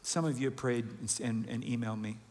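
A man preaching a sermon to a congregation, animated, asking questions and acting out voices. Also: mid-range voice, fairly quick. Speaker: pastor. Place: large church hall with congregation. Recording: long hall reverb.

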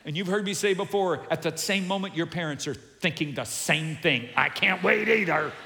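A male pastor preaching a sermon, animated and humorous, acting out the voices of the people he quotes. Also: fairly high pitch, moderate pace, slight background noise. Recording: long hall reverb.

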